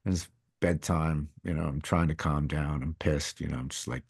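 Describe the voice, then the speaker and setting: A middle-aged man telling a personal story as a podcast guest, candid and rambling, his voice dropping to a hush and rising again. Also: a bass voice, steady tone, moderate pace, slightly rough. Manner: candid, rambling, swings between loud and hushed. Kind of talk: casual storytelling.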